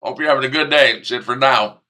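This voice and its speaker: A man's voice: mid-range voice, quick pace, pushed and bright. A man in his seventies hosting a political talk show, giving emphatic, folksy commentary and talking straight to his listeners as "folks".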